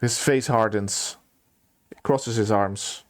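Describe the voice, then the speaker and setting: A man's voice: lowish voice, very slow, long pauses. A man narrating a tabletop game as game master, telling the story vividly and dramatically.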